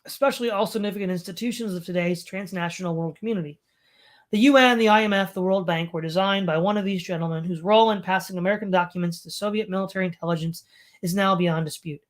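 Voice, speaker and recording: A stream host with a mid-pitched voice, reading long passages aloud from a home mic. The reading is broken up by sarcastic commentary and asides. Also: quick pace.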